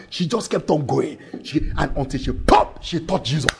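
A man preaching a sermon, fervent and shouting at times, telling stories and calling out to the crowd. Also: fairly high pitch, lively intonation, moderate pace, gravelly. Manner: fervent, shouting, storytelling with call-outs.

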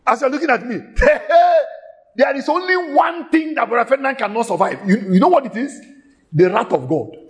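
A man preaching a sermon in a church, emphatic and shouting at times, repeating phrases rhythmically and laughing between lines. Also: very high-pitched, animated, moderate pace. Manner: shouting, emphatic, with sudden exclamations.

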